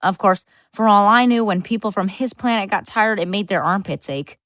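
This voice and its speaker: Voicing a lonely, bookish boy in a full-cast audiobook, a woman tells the story earnestly in the first person, adding wry asides. Her medium-pitched voice is a bit bright and close to everyday speech, recorded in a clean studio with no room sound at normal speed.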